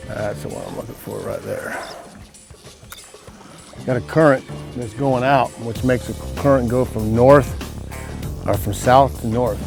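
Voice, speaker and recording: A man, a fishing guide hosting his show, giving excited folksy commentary from a boat outdoors while talking to viewers. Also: medium pitch. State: breathing hard.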